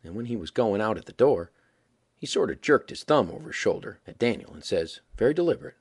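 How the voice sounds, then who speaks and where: A man reading a story aloud as a folksy, animated yarn-spinning narrator with a husky voice. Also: lowish voice, fast. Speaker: audiobook reader.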